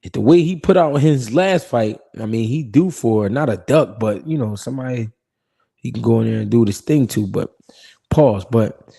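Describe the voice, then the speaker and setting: A man's voice: mid-range voice, animated, moderate pace, vocal fry, mellow, slightly rough. A man hosting a live boxing talk stream in casual, slangy chat, reading viewer comments and laughing often. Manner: laid-back, slangy, laughs often, repeats himself.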